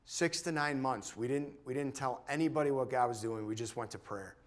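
Earnest man telling a halting testimony. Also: mid-range voice. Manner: earnest, halting, repeats words as he restarts. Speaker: church member sharing a testimony. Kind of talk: personal testimony talk.

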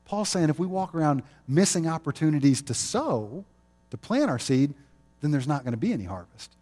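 Brief: male pastor, warm mellow voice, conversational sermon with frequent chuckles. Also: on the high side, very animated, a little fast. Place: chapel.

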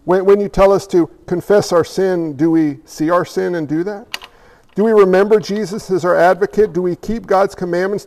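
A man's voice: high-pitched, creaky, a little mellow. A male pastor preaching a conversational sermon, firing off rhetorical questions and repeating phrases for emphasis. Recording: reverberant hall.

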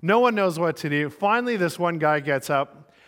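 A male pastor telling stories in a sermon, animated, acting out the people in his stories. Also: fairly high pitch, normal speed. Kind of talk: sermon with storytelling. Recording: long reverb of a large hall.

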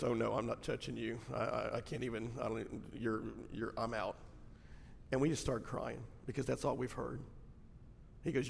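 A middle-aged man preaching a sermon as pastor, in pain from a back injury, swinging between hushed storytelling and loud, fervent preaching in a church. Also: mid-range voice, a little hiss or hum. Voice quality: gravelly. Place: church sanctuary. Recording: long hall reverb.

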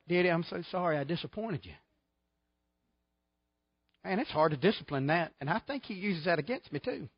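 A middle-aged man preaches a sermon, folksy and emphatic, firing off rhetorical questions. His voice sits a bit high for a man. The sound is dull and muffled, with a dry, close feel. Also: no room sound. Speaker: pastor.

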